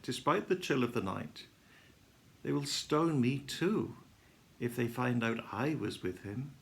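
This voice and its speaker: Gravelly man in dramatic devotional reading. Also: medium pitch, moderate pace. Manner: emotional storytelling, swings between hushed and loud. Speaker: devotional reader. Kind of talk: dramatic first-person reading.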